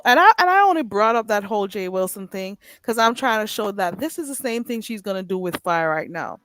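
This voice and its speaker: A woman with a somewhat high voice runs a live stream, casually gossiping and reading viewer comments, repeatedly stretching an "ooh." The audio has no echo.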